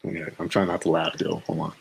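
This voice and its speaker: A man's voice: a bass voice, monotone, brisk, gravelly, a little hiss or hum. A young man streaming late at night, chatting in a laid-back, slangy, rambling way and chuckling to himself. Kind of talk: casual late-night live stream chat.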